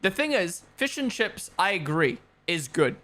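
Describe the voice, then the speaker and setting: Young aussie guy streaming, kinda high voice, rambles and swears a lot, headset mic. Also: very animated, a little slow, sharp tone. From Australia and New Zealand. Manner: rambling, opinionated, swears freely. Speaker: streamer hosting a race watchalong. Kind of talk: casual live-stream chat. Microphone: gaming headset.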